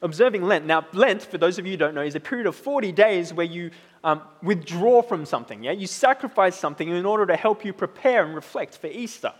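A man in his thirties preaching a sermon in a relaxed, conversational way, often checking in with "right?". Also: sits high, brisk, big-room sound. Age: 30s. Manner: conversational, tag questions like "right?".

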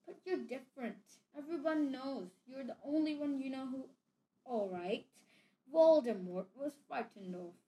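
A woman's voice: sits high, dark tone, slight background noise. A woman reading a stern, impatient woman professor. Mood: brisk. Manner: brisk and impatient. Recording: echoey room.

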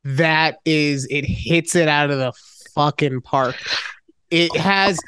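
A woman's voice: low voice, slow pace, a bit bright, clear, resonant tone, dry recording, studio quality. A woman co-hosting a podcast in casual chat, teasing her friend and mimicking voices. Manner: playful, teasing, with exaggerated mimicry. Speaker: podcast co-host.

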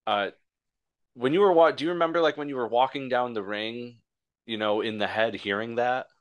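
A man's voice: medium pitch, moderate pace, clean tone. A man hosting a podcast, asking rambling, self-correcting interview questions. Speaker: podcast host.

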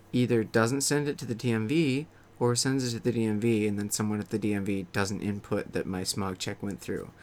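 A young man casually telling a profane, self-mocking story to camera. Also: fairly low pitch. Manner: profane, self-mocking, rambling anecdote with acted-out quotes. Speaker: vlogger.

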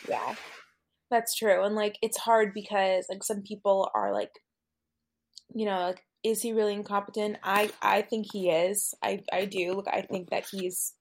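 A woman's voice: medium pitch, a little slow. A woman co-hosting a podcast among friends, giggly and casual, with many filler words. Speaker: podcast co-host.

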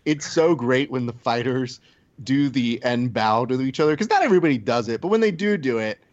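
Lively man hosting a podcast. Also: medium pitch, brisk, dull audio. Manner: animated storyteller, swearing freely. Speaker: podcast host. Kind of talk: casual chat.

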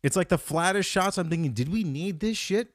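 A man's voice: sits high, fairly quick, no room sound, studio quality. A man hosting a comedy podcast, ranting casually about a movie, swearing a lot and acting out his own thoughts. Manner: profane, animated, acts out his own thoughts in quotes. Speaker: podcast host.

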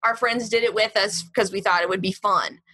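A woman guest on a comedy podcast telling a story in a casual, chatty way, full of "like" and "um", with an animated retelling. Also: medium pitch, fairly quick, slightly rough, no room sound. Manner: chatty, heavy with "like" and "um".

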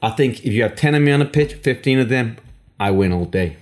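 A man's voice: medium pitch, expressive, fast talker, lightly acted. A man voicing a boastful American man who thinks he is a rugby expert, speaking in an American accent. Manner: boastful, swaggering.

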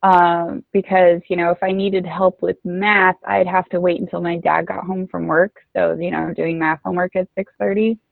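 A young adult woman, a former homeschooler, chatting casually as an interview guest with quick asides. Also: fairly low pitch, level tone, creaky, dry recording. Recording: tinny phone-like line.

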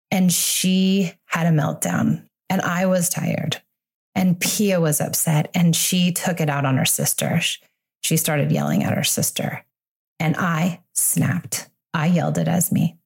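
Candid woman parenting coach, lowish voice. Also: very animated, takes it slowly, creaky, darkish tone. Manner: candid, earnest and reassuring. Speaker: parenting coach and podcast host. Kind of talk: solo podcast monologue.

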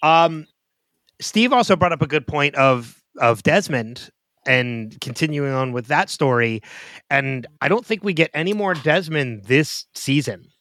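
A man co-hosting a casual podcast, relaxed and laughing easily with plenty of fillers. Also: a little high, measured pace, no room sound. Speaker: podcast co-host.

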